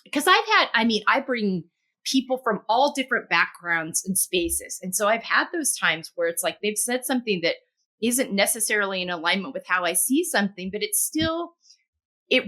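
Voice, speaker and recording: Bright-voiced woman podcast host. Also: mid-range voice, lively intonation, normal speed. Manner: warmly affirming, frequent "yeah". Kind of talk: conversational interview.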